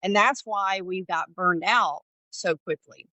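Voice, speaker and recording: Speaking slowly in a medium-pitched voice that's pushed and bright, a middle-aged woman from Georgia, USA, recounts candid stories from her time as an ER paramedic. She's a podcast guest in a storytelling interview and acts out dialogue with animation. The recording has no echo but is rough.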